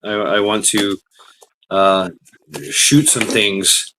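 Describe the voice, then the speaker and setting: A man's voice: fairly low pitch, fairly even intonation, drawn-out words, noisy background. A man hosting a casual live stream chat, joking and laughing, often repeating words as he starts a sentence. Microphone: remote call via streaming platform.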